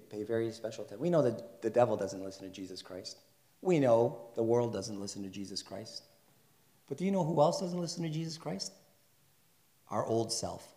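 A male pastor preaching a sermon in a conversational way. He asks his listeners questions and builds to loud, emphatic passages. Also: medium pitch. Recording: echoey room.

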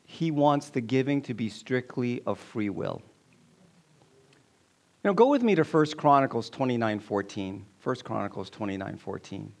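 A man's voice: mid-range voice, very animated, normal speed, gravelly. A man preaching a sermon to his congregation, emphatic and repeating key lines for weight. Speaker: pastor.

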